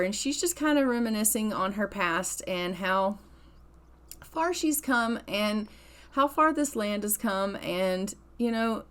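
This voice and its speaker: Woman, gaming creator, chatty let's-play narration, mid pitch, storytelling manner. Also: expressive, slow, a bit bright. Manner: chatty, retells scenes with "she's like".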